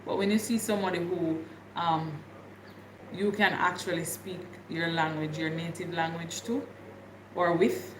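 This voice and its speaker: A woman's voice: lowish voice, steady tone, unhurried, roomy sound, background noise. A woman from Jamaica with a Jamaican accent, chatting casually with viewers on her livestream and laughing often. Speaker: livestream host.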